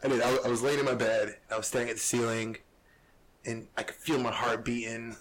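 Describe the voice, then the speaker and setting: A man's voice: mid-range voice, little pitch movement, slight background noise. Blunt, swearing man in casual chat. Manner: blunt, swears freely, quick backchannel replies. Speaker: podcast co-host.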